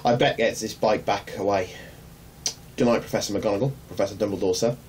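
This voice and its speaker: Storybook giant, soft-hearted and rough, voiced by a male reader; distant mic, light hum. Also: on the low side, fairly even intonation, brisk, close to an everyday voice. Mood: tearful. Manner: rough, earnest, deferential. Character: huge tearful male half-giant groundskeeper.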